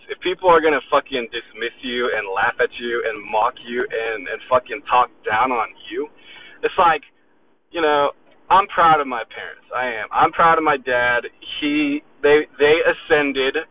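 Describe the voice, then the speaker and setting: Young man, profane motivational rant, intense and boastful, tinny phone-like sound, faint hiss. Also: a little high. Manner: profane, intense, boastful, keeps asking "you know?".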